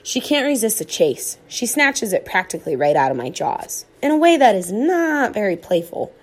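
A woman narrating a children's storybook aloud in an expressive, animated way. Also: medium pitch.

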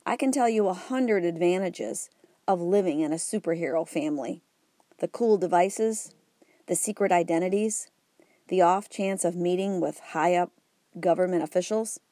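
A woman narrating an audiobook in a wry, even storytelling way. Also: lowish voice, moderate pace, dry recording, clean studio sound.

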